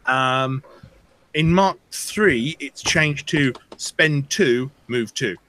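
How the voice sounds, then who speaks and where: A man's voice: mid-range voice, very slow, sharp tone, slight background noise. A man co-hosting a gaming podcast, patiently explaining game rules with hesitant ums. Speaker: podcast co-host. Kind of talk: casual gaming chat.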